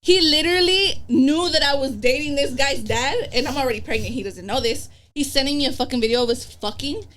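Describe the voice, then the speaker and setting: A woman's voice: high voice, fairly quick, a bit bright, a little hiss or hum. A woman guest on a podcast, telling her story bluntly, with a lot of swearing. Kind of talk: casual chat.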